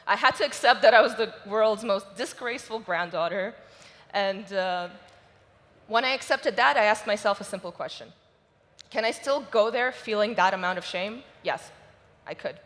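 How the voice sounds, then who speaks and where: A woman's voice: mid-range voice, fairly bright tone. A woman giving a motivational stage talk at a conference, telling a personal story with open emotion. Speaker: conference speaker. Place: large conference hall stage. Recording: reverberant conference hall.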